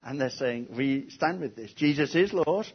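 A man's voice: medium pitch, moderate pace, breathy edge. A man preaching an expository sermon, posing rhetorical questions and repeating key phrases. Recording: dull lo-fi recording.

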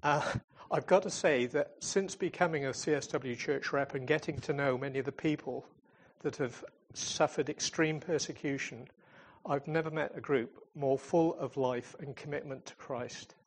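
Speaking at a moderate pace with a fairly high pitch and a little hiss or hum on the recording, this man represents a charity in churches. His chatty, informal talk closes with a prayer, and his stories come with hesitations and restarts from a self-described fun-loving comedian type.

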